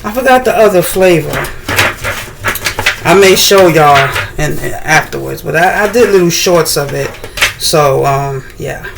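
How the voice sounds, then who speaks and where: A woman chatting casually while demonstrating a recipe in her home kitchen, rambling, with sudden excited bursts. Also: low voice, creaky, background noise. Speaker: cooking vlogger.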